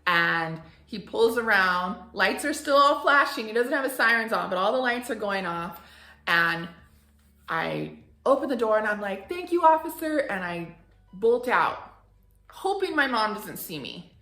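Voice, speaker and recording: A woman in her forties telling a story in a casual, animated way and acting out the people she quotes. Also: mid-range voice, measured pace, echoey room. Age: 40s. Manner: animated, acts out quoted voices. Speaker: furniture flipping vlogger.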